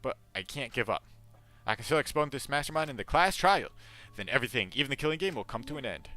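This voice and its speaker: A shaken but determined schoolgirl, voiced by a man reading game lines, speaking earnestly and softly. The voice has a bright edge and plenty of lift, with a bit of game music faintly behind it. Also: medium pitch, expressive, fast talker. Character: young woman student, shaken but determined. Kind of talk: fan voicing of game dialogue.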